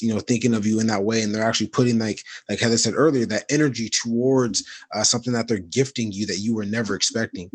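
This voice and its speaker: A man co-hosting a podcast in casual chat, speaking in a halting, reflective way with many fillers. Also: on the low side, dry recording. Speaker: podcast co-host.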